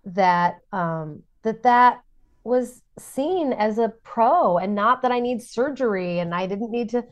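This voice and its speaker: A woman voice actor guest on a casual podcast, with a scratchy, husky voice, telling stories and acting out the people she quotes. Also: on the high side, expressive, slow pace, dull audio.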